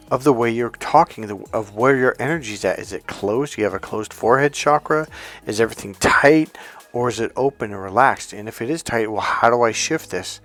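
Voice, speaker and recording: A man speaking as a life coach in a calm, soothing, unhurried self-help talk to his viewers. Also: on the low side. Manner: addresses viewers directly as coach.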